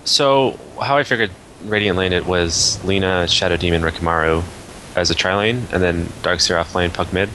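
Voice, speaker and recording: A man's voice: deep voice, normal speed, sharp tone, slight background noise. A man giving casual, analytical color commentary on an esports match, full of "I mean" and "like". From Canada.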